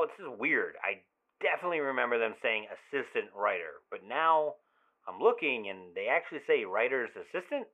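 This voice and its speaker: A man's voice: medium pitch, natural voice. An actor playing an obsessive young man who leaves rambling, swearing, overly familiar voicemails in an audio drama. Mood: uneasy. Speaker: caller leaving voicemails. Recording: tinny phone-line voicemail.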